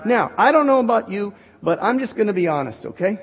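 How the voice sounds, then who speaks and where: Animated high-voiced preacher in a hall. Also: male voice, fairly quick, slightly rough. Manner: animated, joking with congregation. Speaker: pastor. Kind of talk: sermon. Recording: dull recording in a reverberant hall.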